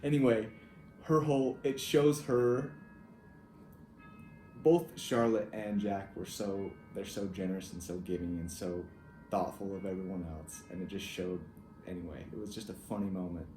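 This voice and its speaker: A man's voice: low voice, steady tone, soft background music. Reflective young man in an echoey room. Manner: reflective, halting, with soft laughs. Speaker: grandson telling a family story. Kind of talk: casual personal storytelling. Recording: echoey room with faint ambience.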